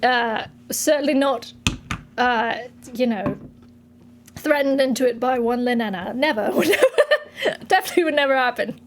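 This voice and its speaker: A woman's voice: sits high, expressive, normal speed, a little hiss or hum. A woman on a livestream playing a mock British talk-show host in a put-on British accent, mock-formal and giggly. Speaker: streamer. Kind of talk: comedic bit on a livestream.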